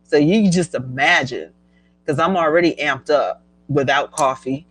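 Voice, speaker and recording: A middle-aged woman hosting a casual live stream, chatty and animated, laughing often as she reads viewer comments. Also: low voice, moderate pace, husky, no echo, poor audio. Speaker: livestream host.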